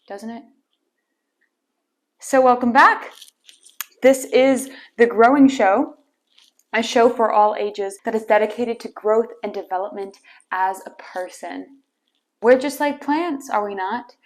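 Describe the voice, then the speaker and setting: A young woman from Wisconsin hosting her own small talk show, chatty and playfully teasing. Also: medium pitch. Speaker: host. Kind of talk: casual solo talk show.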